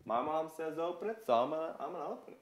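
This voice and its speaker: A man's voice: a little high, animated, racing. A young man hosting a casual cooking video in a home kitchen, chatting viewers through each step.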